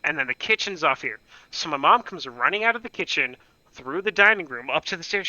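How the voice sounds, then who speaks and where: A man's voice: a little high, animated, fairly quick, bright, forceful tone, no echo, muffled recording. A young man casually telling a rambling, profane, self-mocking story on his gaming channel.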